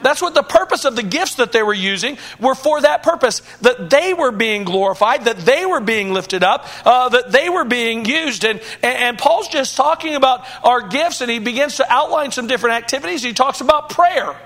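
A pastor with a drawl delivers a verse-by-verse sermon in a strikingly high voice. He preaches earnestly, posing rhetorical questions and restarting his phrases as he works through the passage. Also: animated, moderate pace, hardly any pauses, fairly bright tone.

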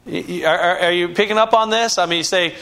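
A man's voice: high voice, fast, sharp tone. A man preaching a sermon in an earnest way, often repeating and restarting words and rising to emphatic bursts.

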